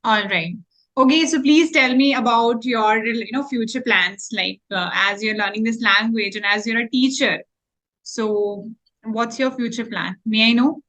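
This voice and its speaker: A woman's voice: a little high, a little slow, fairly bright tone. A woman interviewing an English learner in a practice conversation, encouraging and reassuring.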